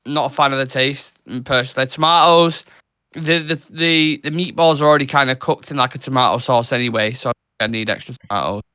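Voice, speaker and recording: Lad, bright voice, blunt and sweary, chatting over a footy watchalong. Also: male voice, mid-range voice, a little fast, clean tone. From England. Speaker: co-host. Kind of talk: casual live watchalong chat.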